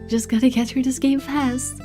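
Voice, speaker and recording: A woman's voice: high voice, level tone, moderate pace, over music. A woman streaming a game, commenting casually with frequent laughs and swearing, and reading its text aloud.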